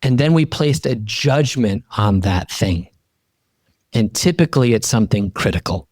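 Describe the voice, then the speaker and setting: A middle-aged man, a podcast guest and coach, telling personal stories in an emphatic, animated way that climbs high in pitch when he gets fired up. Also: moderate pace, dry recording, clean studio sound. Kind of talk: animated personal storytelling in conversation.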